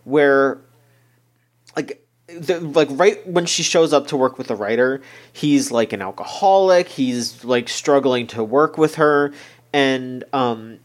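A man's voice: mid-range voice, takes it slowly. A young man talking casually about a show he watched, rambling with lots of fillers and restarts. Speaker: podcast co-host. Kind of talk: casual chat reviewing an anime.

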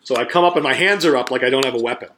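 A man's voice: medium pitch, very fast, a bit bright, slight background noise. A middle-aged man and podcast co-host telling a story in casual chat, rambling and swearing freely, and acting out the voices of the people he quotes.

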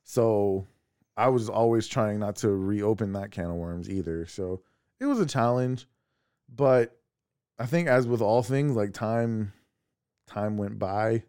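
Male podcast co-host, lowish voice, dry close sound, casual and animated storyteller who laughs a lot. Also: unhurried, smooth, dry recording. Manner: animated, laughs often, acts out quoted voices. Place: at home.

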